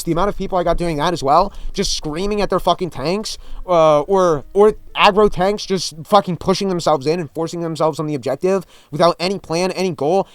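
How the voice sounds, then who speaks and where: Man, high voice, profane ranting gaming vlog, exasperated, repetitive. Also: no echo. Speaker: gaming commentator.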